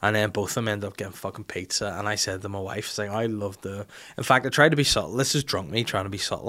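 A man's voice: on the low side, fairly even intonation, fast talker, few pauses, pushed and bright. Crude, rambling man telling stories. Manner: rambling, jokey, crude, self-mocking. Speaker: podcast host telling an anecdote. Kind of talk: casual storytelling chat.

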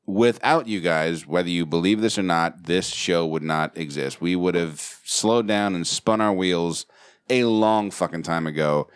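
A man's voice: low voice, unhurried, clear, resonant tone, no echo, clean studio sound. A man hosting a podcast in casual banter, profane and rambling, laughing often. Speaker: podcast host.

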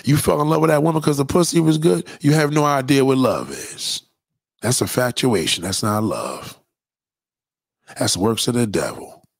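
A man's voice: medium pitch, moderate pace, gravelly, slightly rough, no echo, studio quality. A man delivering a profane, preachy rant straight at his audience. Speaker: commentator. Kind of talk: impassioned monologue rant.

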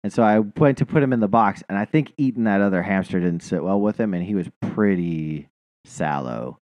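A man's voice: lowish voice, fairly quick, darkish tone, no room sound. A man co-hosting a podcast, telling rambling, profane, self-mocking stories in casual chat. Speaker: podcast co-host.

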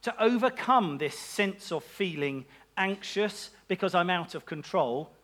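High-voiced chatty male preacher. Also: expressive, measured pace, fairly bright tone. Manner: chatty and self-mocking, with asides and laughs. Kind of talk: sermon.

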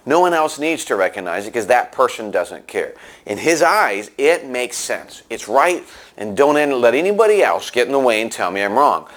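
A man giving a sermon in a conversational way, telling a story with many restarts and lively asides. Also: medium pitch, moderate pace. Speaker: preacher.

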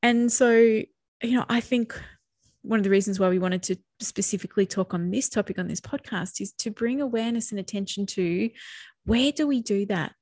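A woman co-hosting a podcast in a relaxed, conversational way. She laughs often and acts out what people say. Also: medium pitch, moderate pace, dry recording, studio quality. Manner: animated, acts out quoted speech, laughs often. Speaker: podcast co-host.

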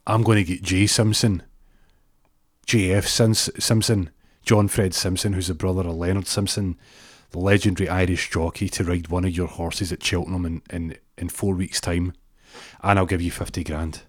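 A flustered, wealthy pig owner pleads and rambles in a Scottish accent, as a man puts him on in his own low voice. The sound is dry and close. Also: little pitch movement, moderate pace, no echo. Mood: pleading.

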